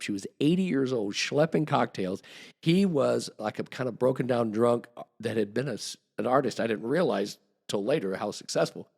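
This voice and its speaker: A man's voice: mid-range voice, vocal fry, darkish tone. A man guest on a podcast, telling a long, rambling story with restarts and acted-out quotes. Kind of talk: casual storytelling.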